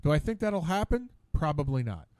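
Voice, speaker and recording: A man's voice: fairly high pitch, very animated, brisk, darkish tone, dry recording. A man hosting his own radio show, rambling casually alone at a studio mic, stammering and repeating words in exasperation.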